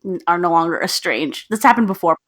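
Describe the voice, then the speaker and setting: A young woman co-hosts a podcast, walking through a film's plot in a casual, chatty way. She talks in a lively voice and acts out what each character says, slipping into their lines as she tells it. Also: lowish voice, fast. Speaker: podcast co-host. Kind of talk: casual movie recap chat.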